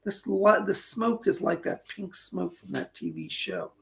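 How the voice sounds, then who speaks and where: A man's voice: high voice, huge pitch swings, unhurried, creaky, fairly bright tone, slight background noise. A man hosting a live online psychic reading, talking chattily, greeting viewers by name, and losing his voice.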